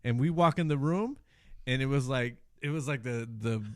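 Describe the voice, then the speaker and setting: A man's voice: medium pitch, normal speed, no echo, clean studio sound. A man co-hosting a podcast, telling a story in casual chat, swearing a lot and acting out his own quotes. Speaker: podcast co-host.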